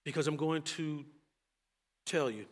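Earnest preaching man in a reverberant hall. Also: fairly high pitch. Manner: earnest preaching with emphatic slowed phrases. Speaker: pastor. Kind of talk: sermon.

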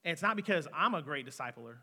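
A man's voice: a little high, animated, fast talker, pushed and bright. A man in his twenties preaching an earnest, conversational sermon as a student pastor in a church hall. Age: 20s. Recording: long reverb of a hall.

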